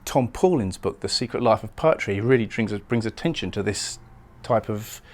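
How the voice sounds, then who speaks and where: A man lecturing on a poem, explaining it thoughtfully and sometimes pausing to restart a phrase. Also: on the low side, animated. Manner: reads verse lines slowly and solemnly. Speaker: poetry lecturer. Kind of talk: recorded lecture analysing a poem.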